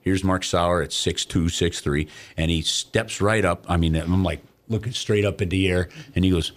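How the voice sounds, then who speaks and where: A middle-aged man telling a story as an interview guest, in a casual and animated way, acting out other people's lines. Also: low-pitched, moderate pace, hardly any pauses.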